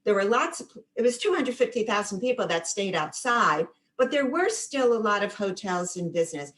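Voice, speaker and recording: A woman's voice: mid-range voice, big pitch swings, normal speed, fairly bright tone, slight background noise, poor audio. An older woman from the Catskills in New York, speaking up from the audience in a casual, chatty way and recounting detailed memories. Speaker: audience member commenting. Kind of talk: casual chat.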